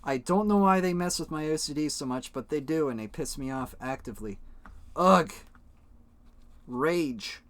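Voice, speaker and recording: A man's voice: a little high, fast, hardly any pauses, no room sound. A man live-streaming, chatting casually with his viewers and swearing freely as he talks to chat.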